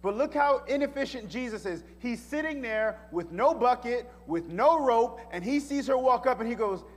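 A man preaching a sermon as pastor, animated and casual, full of slang and rhetorical questions. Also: very high-pitched, normal speed, hardly any pauses. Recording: echoey hall reverb.

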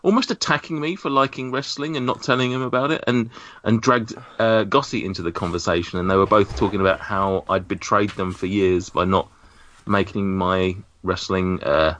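A man's voice: lowish voice, steady tone, normal speed, a bit bright. A man hosting a podcast, introducing his guests with playful jokes in casual chat. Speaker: podcast host.

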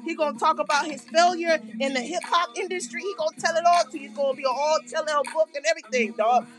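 A woman voicing a pushy radio DJ who loudly insists and hypes a prize, breaking into shouts. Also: sits high, fast, soft background music, lightly acted. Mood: hyping.

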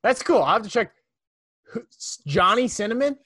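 A man's voice: high voice, expressive, normal speed, bright, forceful tone, slightly rough. A young man co-hosting a podcast, joking and teasing in casual chat. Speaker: podcast co-host.

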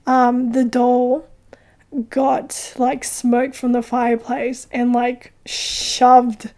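A woman recapping a horror film in casual chat, animated and profane, swearing often. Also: a little high, extremely slow. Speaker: podcast co-host recapping a film.

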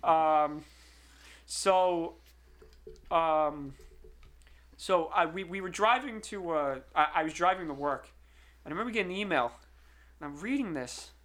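A young man co-hosting a podcast, telling a story in an excitable way and tripping over repeated words. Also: a little high, measured pace, pauses often. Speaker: podcast co-host. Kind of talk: casual chat.

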